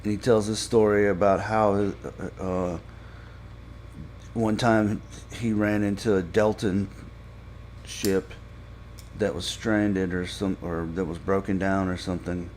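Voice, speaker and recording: A man casually recapping a TV episode for a podcast, halting with frequent fillers and restarts. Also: sits low, level tone, darkish tone, slight background noise. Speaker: podcast reviewer.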